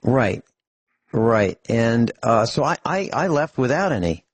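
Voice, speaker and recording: A man's voice: mid-range voice, big pitch swings, measured pace, a little hiss or hum. A middle-aged man co-hosting a radio talk show, telling rambling stories with dry humor and frequent restarts. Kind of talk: casual radio chat.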